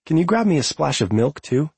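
Audiobook: man voicing a sulky, grumpy young guy, raised pitch, husky dry read. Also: sing-song, a little fast, darkish tone, dry recording, exaggerated voice. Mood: plain.

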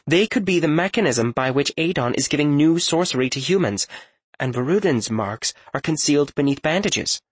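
A man's voice: a little high, expressive, normal speed, slightly rough, no room sound, voice pushed up. A man voicing a thoughtful young woman scholar in an audiobook, reasoning through a puzzle carefully. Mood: analytical. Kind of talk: audiobook character voice.

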